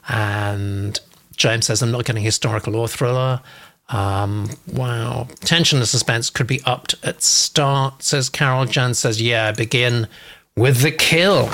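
A man hosting an online event, briskly reading out viewer comments, with frequent ums and uhs. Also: mid-range voice, fairly bright tone. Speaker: host, literary agent.

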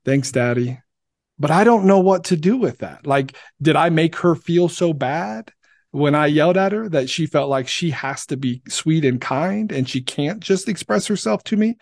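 A man's voice: a little high, lively intonation, normal speed, vocal fry, darkish tone, dry recording, clean studio sound. A man co-hosting a podcast, a father speaking candidly and searchingly in casual discussion.

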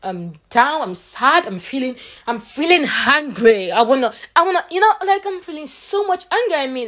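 A woman's voice: high voice, expressive, normal speed, few pauses, fairly bright tone. A woman vlogger giving her viewers an earnest, faith-filled pep talk, emphatic and repetitive, often restarting her phrases.

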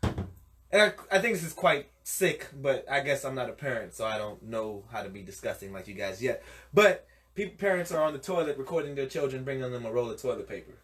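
A man chatting on a podcast with a lively voice that climbs high when he gets excited. He sounds set back from the mic, and a faint hiss sits under the recording. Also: a little fast. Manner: animated, laughs often, bursts into high squealing impressions. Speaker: podcast co-host. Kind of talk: casual chat. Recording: distant mic with faint noise.

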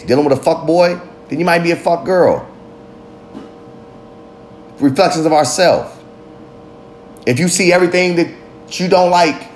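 A man's voice: fairly high pitch, darkish tone, slight background noise. A father talking in a candid, confessional monologue, blunt and heavy with profanity. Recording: roomy echo.

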